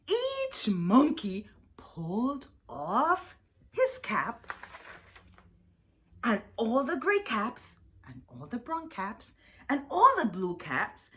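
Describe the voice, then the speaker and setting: Animated woman reading a children's book. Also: a little high, very slow. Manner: animated, drawn out, with questions to young listeners. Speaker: children's storyteller.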